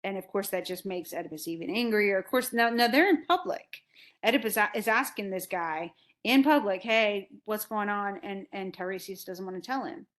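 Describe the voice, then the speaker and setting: A woman's voice: medium pitch, normal speed, a bit bright. Casual woman lecturing, acting out lines. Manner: casual, acts out characters' lines in paraphrase. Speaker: literature instructor. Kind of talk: recorded lecture retelling a play.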